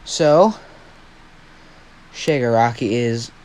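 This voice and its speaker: A man's voice: mid-range voice, very slow, darkish tone, slight background noise. A young man who hosts a fan-story channel, telling an improvised story in a rambling, self-deprecating way with a lot of swearing.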